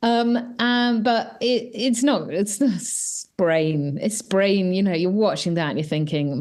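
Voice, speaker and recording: A woman's voice: medium pitch, expressive, unhurried, hardly any pauses, darkish tone. A woman co-hosting a podcast in casual chat, giggly and prone to wandering off on tangents. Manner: chatty, giggly, trails off into tangents. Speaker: podcast co-host.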